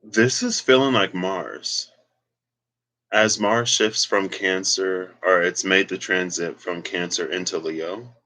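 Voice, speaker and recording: A man's voice: sits low, fairly even intonation, takes it slowly, pushed and bright, poor audio. A man giving a casual solo tarot reading and rambling as he thinks aloud. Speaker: tarot reader.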